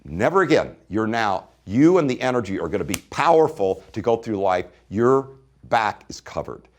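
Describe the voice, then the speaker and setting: Animated male seminar teacher. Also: fairly low pitch, moderate pace. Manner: animated storytelling, emphatic. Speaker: energy practice teacher. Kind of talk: live online seminar talk.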